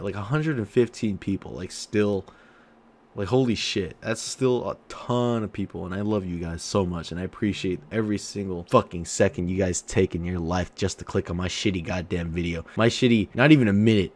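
Crude joking young guy, lowish voice. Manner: joking, crude, teasing, swings between mumbles and outbursts. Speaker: YouTuber. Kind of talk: casual vlog reading comments.

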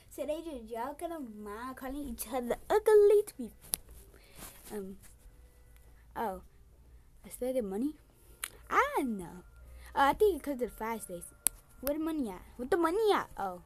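A woman's voice: high-pitched, sing-song, normal speed, long pauses, darkish tone, faint music behind. A woman hosting a gaming channel, chatting casually and rambling as she plays and makes up a story. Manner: rambling, chatty, with sudden outbursts. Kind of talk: casual gameplay commentary with storytelling.

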